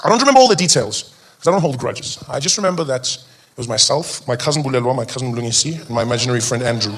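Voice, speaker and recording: A man's voice: mid-range voice, expressive, rapid-fire, a bit bright. A young adult man doing stand-up comedy, telling his story animatedly and acting out voices and cries.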